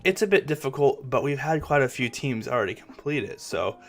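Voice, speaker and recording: A man's voice: medium pitch, animated, fairly quick, soft background music, lightly acted. A man voicing a cheerful, oblivious event staffer. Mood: cheerfully earnest. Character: polite young male game company event staffer.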